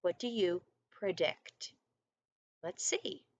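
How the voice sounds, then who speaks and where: A woman teacher reading a picture book aloud to first graders in an online lesson, gently asking the children questions. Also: on the low side, takes it slowly, no echo, dull audio.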